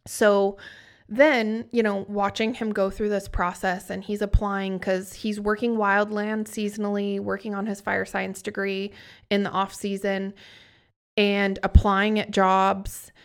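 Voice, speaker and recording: A woman's voice: mid-range voice, flat delivery, measured pace, smooth. Earnest woman telling her story. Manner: earnest, heartfelt, often restarting sentences. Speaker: podcast guest. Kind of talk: candid conversational storytelling.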